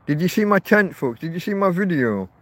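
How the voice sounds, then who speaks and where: With a high, animated, fairly bright voice and a fairly quick pace, a man living rough in a field camp rambles chattily to his viewers, correcting himself along the way. The voice carries no room sound. He's outdoors in a windy field filming on a phone in portrait mode, with wind and faint outdoor noise in the background.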